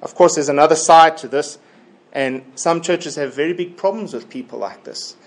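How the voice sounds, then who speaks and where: A man preaching a Bible sermon in a deliberate, emphatic way, often repeating his key phrases. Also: fairly high pitch.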